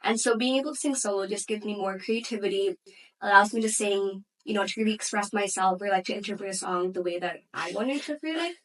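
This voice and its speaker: A woman's voice: medium pitch, quick pace, fairly bright tone, recorded from a distance, poor audio. A young woman, an opera singer and student, answering interview questions in a thoughtful way full of "like" and "you know". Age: young adult.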